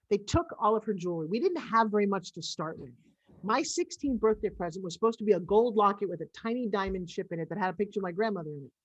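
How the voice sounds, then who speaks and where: A middle-aged woman, a podcast interview guest, telling a personal story in an animated, emphatic way over a remote video call. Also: mid-range voice, dull audio.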